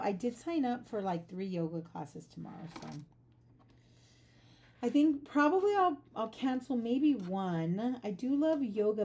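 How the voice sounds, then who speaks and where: A woman's voice: mid-range voice, mellow. A chatty, rambling woman hosting a casual livestream from her home art studio, talking to viewers while packing orders. She sounds sleepy. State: sleepy, just up. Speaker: livestream host, artist.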